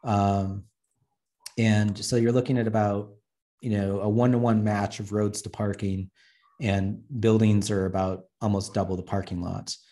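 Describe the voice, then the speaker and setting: A man's voice: lowish voice, level tone, a little slow, mellow. A man, an urban planner, giving a blunt, joking webinar talk over slides and acting out the dialogue he quotes. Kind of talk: presentation with slides.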